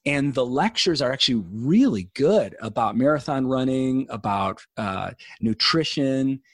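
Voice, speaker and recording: A man's voice: medium pitch, animated, measured pace, dry recording, clean studio sound. A middle-aged man, an author, talking earnestly in a casual conversation and building long analogies. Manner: earnest, uses extended analogies. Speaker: author and guest.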